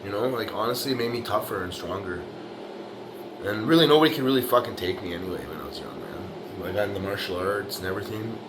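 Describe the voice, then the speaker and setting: A man's voice: on the low side, quick pace, background noise. A middle-aged man who lays bricks, giving a rambling, tough-talking motivational monologue full of swearing and "you know, right?". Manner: profane, blunt, tough-talking. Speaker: bricklayer vlogger.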